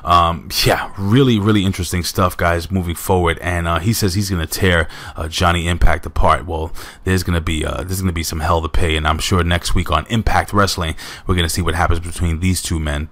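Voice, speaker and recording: Low-voiced male reviewer, loose and chatty, filler-heavy recap with frequent viewer asides. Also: fairly bright tone. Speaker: wrestling show reviewer. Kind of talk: casual spoken recap.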